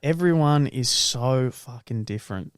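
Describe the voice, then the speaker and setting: A young man co-hosting a podcast in casual chat, relaxed and frank, swearing casually. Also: mid-range voice, measured pace, clear, resonant tone, no room sound, studio quality. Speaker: podcast co-host.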